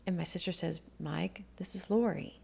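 A woman with a slightly low voice and a noticeable gravelly rasp tells a personal story. She speaks in an earnest, reflective way and voices the others in her story as she goes. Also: moderate pace, darkish tone. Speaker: guest telling her life story.

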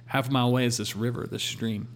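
A man sharing a personal faith testimony in a relaxed conversational way, acting out his talks with God. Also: medium pitch, quick pace, a little hiss or hum. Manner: storytelling, quotes God in a calm voice.

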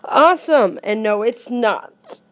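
A woman hosting her own podcast in a playful, joking way, reciting a holiday poem with loud, animated emphasis. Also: fairly high pitch, slow, no echo. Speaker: podcast host.

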